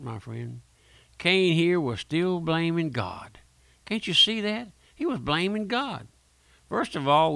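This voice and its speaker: A man's voice: mid-range voice, creaky, bright, forceful tone, no room sound. An older man preaching a fervent, pleading sermon, repeating his phrases and calling out to listeners. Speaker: radio preacher.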